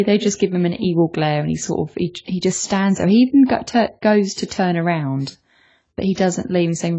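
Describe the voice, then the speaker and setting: A woman co-hosting a podcast in relaxed casual chat, giving her opinions on a manga chapter. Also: fairly low pitch, a little fast, slightly rough, highs cut off. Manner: relaxed, opinionated, with fillers and restarts. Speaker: podcast co-host.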